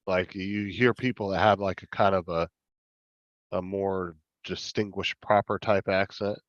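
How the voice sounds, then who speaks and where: A man's voice: low-pitched, fairly even intonation, measured pace, dry recording. A man in a casual livestream chat who argues his points and explains at length. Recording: dull, dry lo-fi audio.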